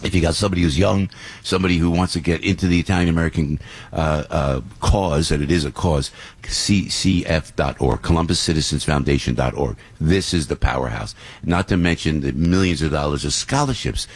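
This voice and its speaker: A middle-aged man hosts a talk radio show, his husky voice jumping around as he tells a rambling story. His sound is dry and close, with no room around it. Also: rumbling low, brisk, no echo. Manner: excitable, rambling, acts out other voices. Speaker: radio host.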